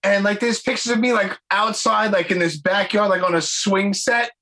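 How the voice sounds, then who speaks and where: Casting: male podcast host, 40s, high bright voice, profane, says "bro" a lot, quick to laugh. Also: fairly even intonation. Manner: blunt, profane, laughs easily, calls people "bro" and "man". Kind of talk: casual chat.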